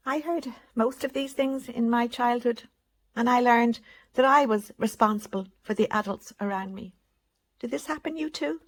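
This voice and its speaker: A woman speaks gently to her viewers at home, slowing down on purpose and leaving pauses between her points. Her voice sits a little higher than most women's. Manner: deliberately slow, pausing between comments. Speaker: self-help channel host. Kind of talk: gentle talk to camera on childhood healing.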